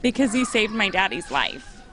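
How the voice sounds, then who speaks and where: A woman in her forties, an interview guest, sharing an emotional personal testimony with earnest warmth and occasional laughter. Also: medium pitch, sing-song, normal speed, crowd noise.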